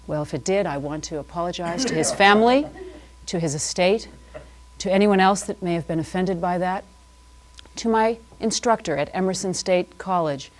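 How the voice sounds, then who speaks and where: A woman's voice: lowish voice, normal speed. A woman host performing a playful, rambling improvised comedy monologue in a TV studio. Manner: rambling, playful, free-associating. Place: public-access TV studio. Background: music.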